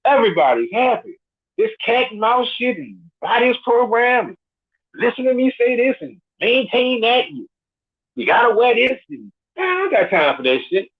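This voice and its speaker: A man's voice: extremely high pitch, very animated, moderate pace, slightly rough. A man of forty, a caller on a live show, ranting bluntly and with swagger, swearing constantly. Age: 40s. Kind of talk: profane rant. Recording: tinny phone line.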